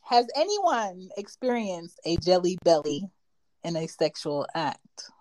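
A woman's voice: fairly low pitch, sing-song, measured pace, darkish tone, dry recording. A woman co-hosting a late-night podcast, talking in a brash, profane and teasing way. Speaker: podcast co-host. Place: home desk.

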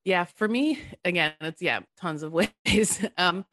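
A woman's voice: fairly low pitch, measured pace, fairly bright tone. A woman in her thirties, a podcast guest talking earnestly and animatedly, laughing easily. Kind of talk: casual conversation.

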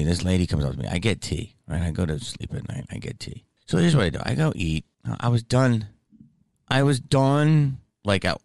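A middle-aged man hosting a podcast, telling rambling, animated stories in casual chat. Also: deep voice, vocal fry, no room sound, studio quality. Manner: rambling, animated, lots of fillers. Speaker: podcast host.

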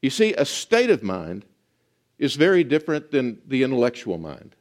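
A man's voice: mid-range voice, wildly swooping pitch. Earnest man preaching a sermon. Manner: earnest, emphatic teaching with slow stresses and soft drops. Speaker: pastor.

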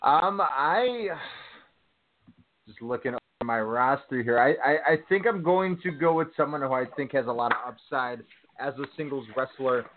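A man guesting on a casual wrestling podcast, pausing and restarting as he decides. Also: medium pitch, lively intonation. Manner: hesitant, stops and restarts while deciding. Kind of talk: casual wrestling fantasy draft chat. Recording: tinny phone-line audio.

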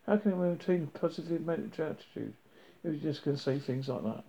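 A man's voice: on the high side, expressive, a little fast, vocal fry, warm tone, a little hiss or hum. A man doing a sly, questioning Ford. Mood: needling. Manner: probing, wheedling questions, slightly mocking. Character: quick-witted, scheming alien traveller Ford, adult man. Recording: dull lo-fi recording.

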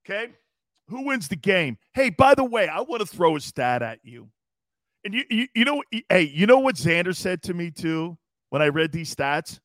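A man's voice: sits high, big pitch swings, moderate pace, fairly bright tone, dry recording. A man hosting a sports talk show, riffing casually, reading comments aloud and laughing often. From East Coast US. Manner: brash, jokey, reads chat comments aloud and laughs often.

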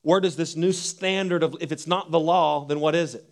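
A man preaching a sermon as a pastor, animated with stumbles and restarts, reading scripture slowly and deliberately. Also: fairly high pitch.

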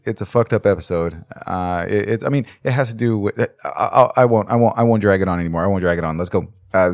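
Podcast host, man, lowish voice, rambling and profane, dry close mic. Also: darkish tone, no room sound. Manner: rambling, profane, stammers and restarts. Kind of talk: casual true-crime podcast chat.

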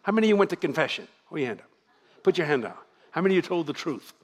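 A man's voice: fairly high pitch, big pitch swings, racing, breathy edge. An older man preaching to a congregation, joking and laughing as he goes. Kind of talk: church sermon.

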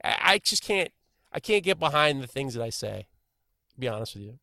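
A middle-aged man with a bright, forceful voice tells a rambling story in casual chat. He stammers and restarts as he goes, animated throughout. The sound is dry and close. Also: medium pitch, brisk, gravelly, no room sound.

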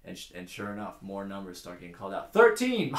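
A man's voice: low-pitched, completely flat delivery, fast. A young man hosting a podcast, chatting casually and telling a long joke in a loose, swearing way. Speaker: podcast host. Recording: echoey room.

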